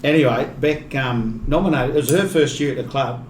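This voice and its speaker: A man's voice: mid-range voice, fairly quick. Australian man, chatty storyteller, frequent laughter, echoey room, faint background noise. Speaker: podcast guest, rugby league commentator. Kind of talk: casual storytelling.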